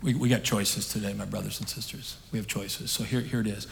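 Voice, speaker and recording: A man preaching a sermon on a stage, telling a story in an earnest, conversational way that swings between emphatic and hushed. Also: lowish voice, steady tone, fairly quick, creaky, hardly any pauses. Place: stage in a large hall. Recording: long hall reverb.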